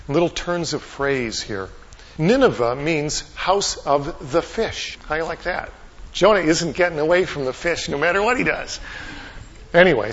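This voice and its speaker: A man with a husky, slightly raised voice preaches a Bible lesson in an easy, conversational way. He reads passages aloud and keeps putting rhetorical questions to his listeners. The recording sounds dull and lo-fi. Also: fairly high pitch, a bit bright. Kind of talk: sermon with Bible reading.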